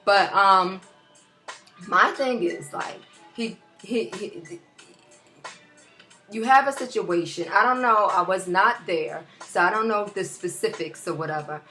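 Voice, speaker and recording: A woman vlogging a casual opinion rant into a laptop, animated and rambling with many restarts. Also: medium pitch, a little slow, faint music behind. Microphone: laptop built-in mic.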